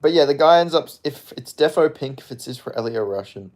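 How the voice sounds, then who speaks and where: A man chats offhand on a livestream, reading out comments and riffing on them. His voice sits at an ordinary middle pitch, and his loose, meandering talk is peppered with profanity. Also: animated, brisk, a little mellow. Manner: rambling, frequent profanity, offhand. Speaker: streamer. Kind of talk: casual livestream chat, reading comments aloud.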